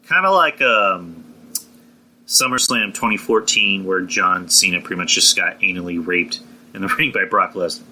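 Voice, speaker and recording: Bright-toned, rambling young man. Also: low voice, moderate pace, low-quality recording. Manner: rambling, blunt, profane, many restarts and fillers. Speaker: podcast host. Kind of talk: casual wrestling review.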